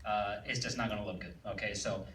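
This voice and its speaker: A man's voice: lowish voice, steady tone, a little fast, a bit bright. A man speaking as a guest at a live seminar, plain and casual with many fillers, often checking in with the audience. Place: event hall with audience. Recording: echoey hall, distant mic, faint room noise.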